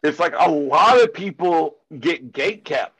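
A man's voice: fairly high pitch, animated, a little slow, a bit bright, breathy edge, low-quality recording. A man who speaks at security conferences, chatting casually in an interview and drifting into passionate, rambling rants full of "it's like.". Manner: heavy filler use of "it's like".

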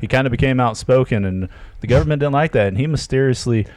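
A man's voice: medium pitch, fast, darkish tone, no echo. A man hosting a casual podcast chat, rambling and swearing as he tells a story. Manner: rambling, swears often, restarts phrases. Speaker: podcast host.

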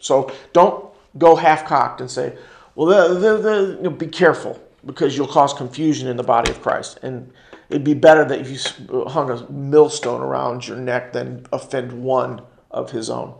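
Gravelly man teaching in an echoey church. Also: mid-range voice, steady tone, normal speed, a little hiss or hum. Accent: American. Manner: call-and-response, repeats key phrases for emphasis. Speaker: teacher at a church ministry class. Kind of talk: sermon-style teaching. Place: church classroom.

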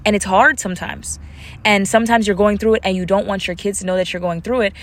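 Woman podcast host, African American English accent, casual and animated, mid-pitched voice, jumps into character voices for quotes. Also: fast. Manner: animated, switches into playful voices quoting her mother. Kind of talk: casual solo podcast talk.

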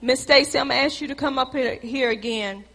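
Woman preacher with a high, bright, fervent voice, exhorting the congregation. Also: fairly quick. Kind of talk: sermon.

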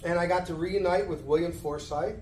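A middle-aged man with a Philadelphia accent, a guest telling stories in a casual interview, lively and acting out the lines of others. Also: sits high, a little fast. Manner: animated storyteller who acts out dialogue. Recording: roomy echo, faint background noise.

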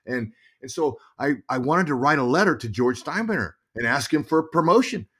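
Middle-aged male ex-athlete guest, animated raconteur, stumbles and repeats words, mid-pitched voice. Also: a little fast, slightly rough. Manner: animated storyteller, repeats words while thinking. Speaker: guest, former pro baseball player and broadcaster. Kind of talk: casual interview storytelling.

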